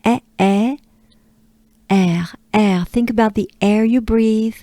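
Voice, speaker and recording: A woman with a French accent, a pronunciation coach who repeats each word slowly and patiently and cues the listener to breathe. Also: a little high, fairly even intonation, warm tone, dry recording. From France. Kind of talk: slow pronunciation lesson.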